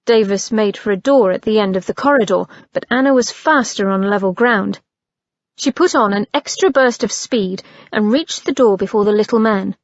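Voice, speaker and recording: A woman narrating an audiobook in a measured, expressive reading. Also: medium pitch, no echo, dull audio.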